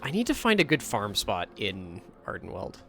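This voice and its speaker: A man's voice: lowish voice, huge pitch swings, moderate pace, creaky, fairly bright tone, faint music behind. A man hosting a casual gameplay livestream, chatting in a rambling way and swearing now and then.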